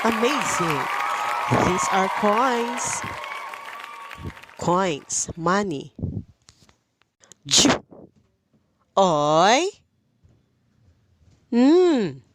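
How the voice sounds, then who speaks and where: A woman's voice: medium pitch, sing-song, crowd noise, noisy background. A woman teacher leading a phonics reading lesson for young children, drilling sounds and praising often. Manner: slow, sing-song drilling with praise.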